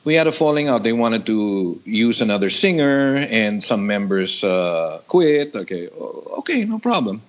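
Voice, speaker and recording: A man from the Philippines in his sixties, telling stories in a casual interview, who acts out the other people in a higher voice. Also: measured pace, few pauses. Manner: animated, acts out quoted voices in a higher pitch. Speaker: guest rock vocalist. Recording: dull lo-fi audio.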